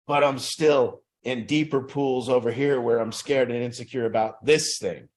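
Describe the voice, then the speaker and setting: A man's voice: mid-range voice, steady tone, unhurried, hardly any pauses. A man leading an addiction recovery group in a room, talking earnestly and reflectively, acting out the inner voices he describes.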